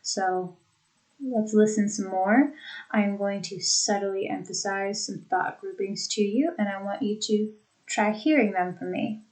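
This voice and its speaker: A woman teaching a pronunciation lesson, speaking deliberately and modeling example sentences. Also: medium pitch, a little mellow, rough recording. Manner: slow, deliberate, demonstrating phrasing by example.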